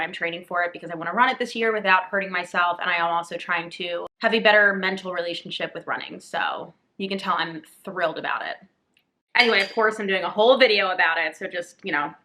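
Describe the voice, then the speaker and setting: A woman's voice: mid-range voice, pushed and bright. A young woman talking casually as a fitness vlogger, chatty and full of "like" fillers. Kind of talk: casual vlog talk.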